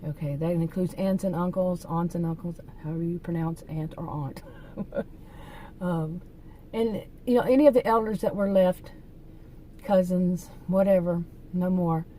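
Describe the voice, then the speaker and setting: A woman's voice: lowish voice, mellow, a little hiss or hum, poor audio. A woman hosting her own channel, telling a story in a casual, rambling monologue with many fillers and restarts, talking straight to her viewers. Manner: chatty, talks straight to viewers. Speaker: channel host telling stories.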